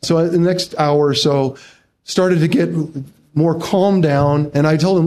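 A man's voice: a little high, fairly even intonation, measured pace, darkish tone. A middle-aged man as an interview guest, telling a personal story in an emotional way with many restarts, his voice jumping up when he relives tense moments.

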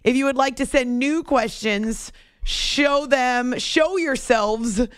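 On a studio mic with no echo, a high-pitched woman speaks slowly and smoothly. She's the host of a late-night sports radio show, giddy from lack of sleep, playful, teasing and quick to laugh.

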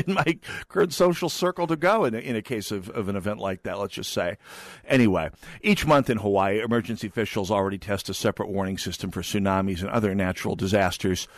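A man's voice: on the low side, no room sound, clean studio sound. A man hosting a talk radio show, delivering a monologue with wry, sarcastic asides.

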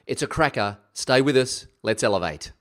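A man's voice: mid-range voice, animated, moderate pace, a bit bright, faint music behind. A man hosting a podcast, delivering an upbeat, plain-spoken intro monologue. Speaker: podcast host.

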